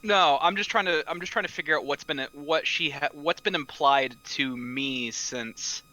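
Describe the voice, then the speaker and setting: A man with a very bright, sharp voice and a slightly raised pitch reasons earnestly through a tabletop game. He thinks aloud and restarts his sentences as he works things out. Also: moderate pace, lo-fi sound. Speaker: player.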